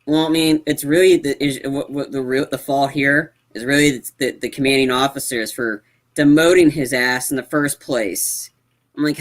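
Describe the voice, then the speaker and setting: A man's voice: high voice, moderate pace, a bit bright. A man co-hosting a casual movie review, ranting with exasperation and many restarts and "like"s. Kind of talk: casual spoiler review chat.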